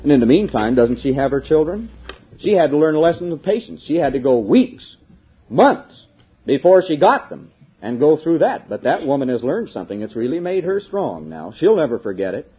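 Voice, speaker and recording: A man preaching a sermon, firing rhetorical questions and swinging between loud declarations and hushed asides. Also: on the high side, big pitch swings, moderate pace, slightly rough, dull audio. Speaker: minister preaching to a congregation.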